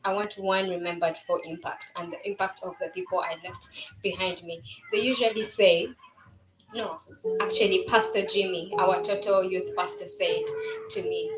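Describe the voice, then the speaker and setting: A woman's voice: lowish voice, normal speed, noisy background. A woman in her twenties, a new business founder, giving an earnest launch event speech with frequent fillers and restarts. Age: 20s. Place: event venue. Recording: roomy venue with music and crowd behind.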